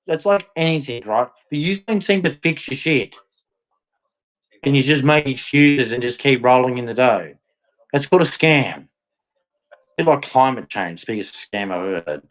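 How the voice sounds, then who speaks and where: In a rough recording, a man with a mid-range voice delivers an angry monologue to the camera. He vents bitterly, repeating "man" and "right" as he rants.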